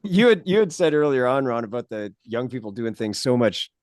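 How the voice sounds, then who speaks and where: Lively, jokey middle-aged co-host. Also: male voice, medium pitch, fairly quick, no room sound, clean studio sound. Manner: enthusiastic, self-deprecating, jokey. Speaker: podcast co-host. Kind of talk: casual podcast interview.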